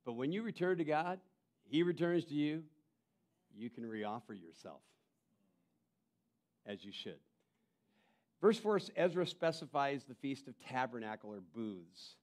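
A man preaching a sermon as pastor, moving between emphatic calls and quiet, intense asides, often repeating and restarting phrases. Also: mid-range voice, big pitch swings, measured pace, pauses often.

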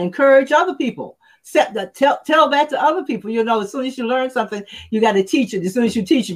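Older woman podcast host, earnest. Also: mid-range voice. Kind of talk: casual chat.

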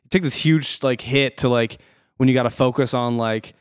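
Smooth-voiced man chatting about comedy. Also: medium pitch, fairly even intonation, moderate pace, dry recording, clean studio sound. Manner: laughs often, swears, repeats words. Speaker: stand-up comic. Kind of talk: casual podcast chat.

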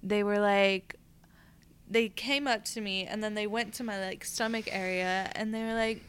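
A young woman teacher chatting casually on a podcast, pausing to think and laughing easily. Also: medium pitch, steady tone, a bit bright, a little hiss or hum. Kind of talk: casual chat.

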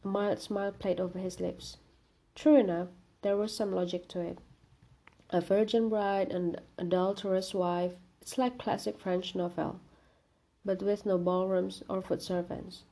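A woman reading a short story aloud in a calm, measured narration. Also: medium pitch. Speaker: reader.

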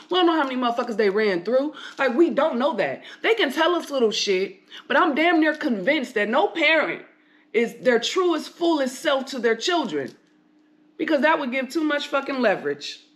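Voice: high voice, big pitch swings, normal speed, a bit bright. Profane, blunt solo podcaster. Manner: rambling, preachy advice-giving; emphatic, repeated commands. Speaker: podcast host. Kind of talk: casual solo podcast monologue.

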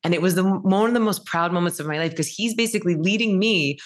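A woman in her thirties, a meditation teacher, talking casually as a podcast guest and acting out quoted dialogue in animated stories. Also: lowish voice, quick pace. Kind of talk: casual interview conversation.

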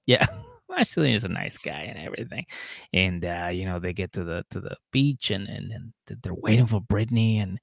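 A man's voice: low voice, expressive, fairly quick, gravelly, no echo, studio quality. A man co-hosting a podcast, recapping a reality show in a laid-back, rambling way. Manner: laid-back, rambling, acts out quotes in mocking voices. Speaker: podcast co-host.

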